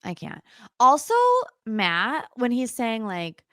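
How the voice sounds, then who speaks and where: A woman's voice: mid-range voice, animated, normal speed, fairly bright tone, no echo, studio quality. A young adult woman hosting a casual pop-culture podcast, chatty and opinionated, with sarcastic asides. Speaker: podcast host.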